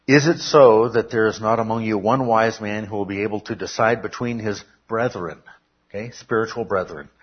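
A fairly low, slightly rough male voice comes through a muffled recording of a pastor's sermon in church. He keeps checking in with "okay?" and climbs into emphatic outbursts.

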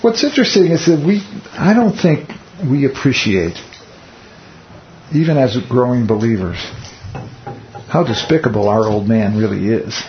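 A man's voice: mid-range voice, animated, moderate pace. A man leading a Bible study in a conversational teaching style. He asks the group rhetorical questions and makes wry, teasing asides. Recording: muffled lo-fi recording with faint hiss.

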